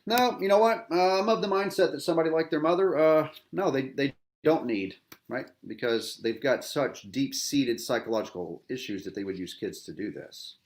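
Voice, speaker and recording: A middle-aged veteran man at a mid pitch rants in open anger. His talk is bitter and profane, circling back on itself and pressing the listener with questions. He sounds agitated throughout. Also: animated, normal speed. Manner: bitter, profane, repetitive, with rhetorical tags. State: agitated, angry. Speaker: veteran podcast host. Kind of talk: angry personal rant.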